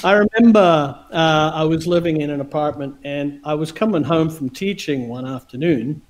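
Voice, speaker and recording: A man telling a story in casual chat over a video call, animated and laughing often as he acts out dialogue. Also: fairly high pitch, moderate pace, rough recording.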